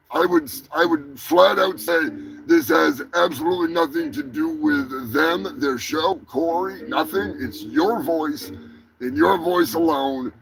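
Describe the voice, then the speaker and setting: A man's voice: on the high side, gravelly, rough recording. A man hosting a comedic live stream, talking in a crude, rambling, profane way. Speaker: host. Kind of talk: crude comedic livestream chat.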